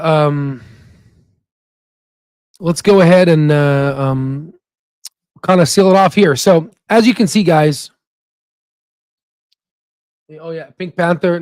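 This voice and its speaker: A young adult man hosting a stock channel, chatting excitably on a livestream with many fillers and asides. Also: on the high side, slow pace, long pauses, clear, resonant tone, no room sound. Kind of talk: casual livestream commentary.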